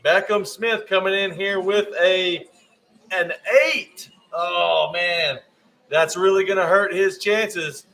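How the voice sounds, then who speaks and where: A man's voice: high-pitched, fairly bright tone, a little hiss or hum, low-quality recording. A man giving live race commentary, often stumbling over rider names and correcting himself.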